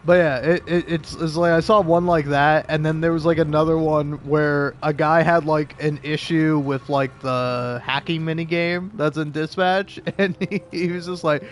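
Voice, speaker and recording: A man's voice: on the high side, flat delivery, normal speed, few pauses, a little hiss or hum. A young man streaming a video game, rambling casually with lots of swearing and filler words. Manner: rambling, profane, laughing asides. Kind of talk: casual gameplay commentary.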